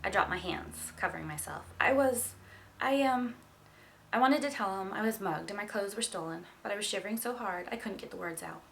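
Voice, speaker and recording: Woman with a gravelly reading voice. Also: mid-range voice, fairly quick, fairly bright tone, a little hiss or hum. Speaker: audiobook reader. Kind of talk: storybook reading.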